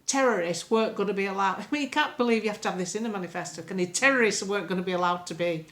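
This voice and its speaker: An older English woman from England vlogging from home into a phone camera, chatting bluntly and meandering through opinions. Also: rapid-fire. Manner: blunt, opinionated, meandering, lively swings in pitch. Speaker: political vlogger. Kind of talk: casual rambling monologue to camera. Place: home, indoors.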